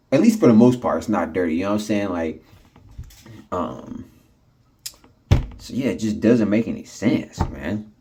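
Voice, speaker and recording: A man's voice: on the low side, warm tone, a little hiss or hum. A man talking casually into his phone in his apartment, chuckling often and rambling with plenty of fillers and restarts. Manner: laughing often, frustrated, many fillers and restarts. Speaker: vlogger.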